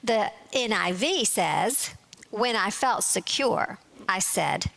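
A woman leads a Bible lesson, walking her listeners through a psalm verse by verse. She explains carefully and reads the scripture passages aloud at an even, unhurried pace, in a voice of middling pitch for a woman. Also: creaky. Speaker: Bible teacher. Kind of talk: Bible teaching.

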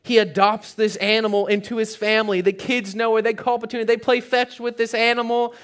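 A man preaches in a church with a notably high voice. He tells the story in an animated way, rising to loud emphasis and then dropping to a hush. He adds light, joking asides for the congregation. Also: a little fast. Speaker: pastor. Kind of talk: sermon.

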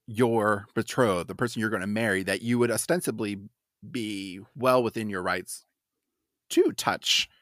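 A man co-hosting a podcast in casual chat, lively and acting out quotes in silly voices. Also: lowish voice, no echo, clean studio sound. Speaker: podcast co-host.

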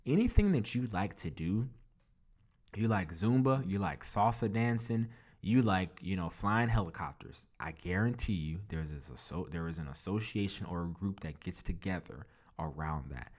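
A man's voice: low voice, animated, normal speed, darkish tone. A man hosting a podcast, chatting casually and acting out a story with quoted back-and-forth dialogue. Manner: many fillers and restarts. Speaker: podcast host.

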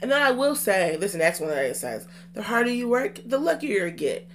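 A woman's voice: medium pitch, sing-song, fairly quick, slight background noise. A young woman co-hosting a podcast, chatting casually and rambling with restarts and fillers. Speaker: podcast co-host.

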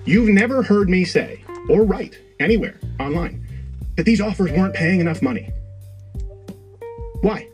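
Male commentator, higher voice, intense and emphatic, faint music behind. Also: lively intonation, normal speed, long pauses, darkish tone. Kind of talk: monologue commentary.

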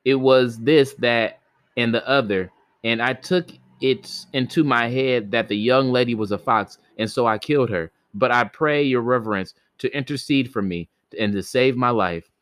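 A man's voice: medium pitch, normal speed, fairly bright tone, clean tone, no room sound, lightly acted. A man voicing a brash, scheming young man in a spoken folk tale, who taunts with a raised voice. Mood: pleading.

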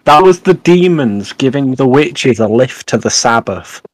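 A young man co-hosting a casual podcast, with deadpan jokey asides. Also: medium pitch, unhurried, no echo. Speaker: podcast co-host. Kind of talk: casual chat.

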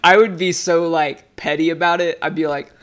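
Animated, chatty young-sounding male preacher. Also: on the high side, moderate pace, clean tone. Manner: animated, conversational, laughing often. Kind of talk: casual devotional teaching.

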